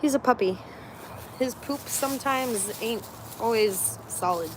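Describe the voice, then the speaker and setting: A woman's voice: on the high side, measured pace, noisy background. A young woman chatting casually on a livestream while walking her dog outdoors, slipping into baby talk with the dog. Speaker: livestream host. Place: outdoors, walking around a residential complex.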